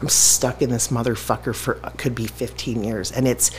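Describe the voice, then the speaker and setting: A woman's voice: very deep voice, fairly even intonation, normal speed, darkish tone, a little hiss or hum. A middle-aged woman telling her story in a blunt, profane way and laughing often. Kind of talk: candid conversational storytelling.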